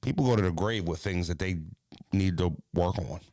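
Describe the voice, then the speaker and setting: A man's voice: sits low, normal speed, dry recording. Blunt, profane man ranting, dry sound. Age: adult. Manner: blunt, profane, animated, stuttering restarts. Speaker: podcast host. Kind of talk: casual podcast rant.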